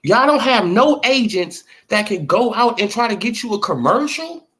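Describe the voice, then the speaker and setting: A man's voice: very animated, normal speed, fairly bright tone. A man giving casual boxing opinions, loose and slangy, often asking if you feel what he's saying. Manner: acts out imagined dialogue in swinging pitch. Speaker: boxing commentary vlogger.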